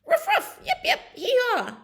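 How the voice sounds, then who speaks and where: A woman voicing an eager young male cattle dog in a storybook reading, with high yipping barks. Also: wildly swooping pitch, a little slow, creaky, fairly bright tone, full character voice. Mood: excited barking.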